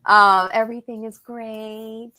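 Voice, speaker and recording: A woman guest on a chat show, an animated storyteller who acts out quoted voices and mixes Spanish words into her English. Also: a little high, takes it slowly. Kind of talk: casual chat.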